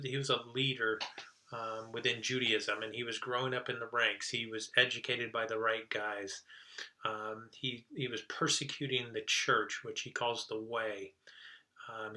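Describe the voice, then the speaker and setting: Bright-voiced male pastor preaching casually. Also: mid-range voice, a little hiss or hum, rough recording. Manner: conversational, with frequent restarts and repeated words. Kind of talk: sermon.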